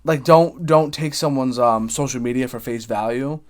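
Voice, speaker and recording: A man hosting a podcast in casual chat, laid-back and enthusiastic, quick to chime in with agreement. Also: medium pitch, darkish tone. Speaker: podcast host.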